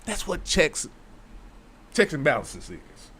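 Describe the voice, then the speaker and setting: A man hosting a casual talk show, explaining a civics question slowly and with emphasis, repeating key phrases and adding conversational asides. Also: fairly high pitch, very animated, a bit bright, husky. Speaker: host.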